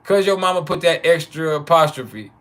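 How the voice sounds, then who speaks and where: A man's voice: a little high, expressive, a bit bright. A man hosting a casual live stream, joking and laughing often as he chats with viewers. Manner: loose, joking, laughs often, drawn-out names. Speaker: livestream host.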